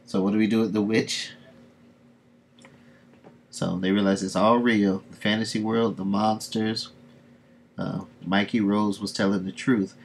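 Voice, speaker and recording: A man's voice: on the low side, little pitch movement, unhurried, vocal fry, pauses often, slightly rough. A man streaming live, reading comics and casually recapping the story in a loose, rambling way. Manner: rambling, loose summarizing with fillers.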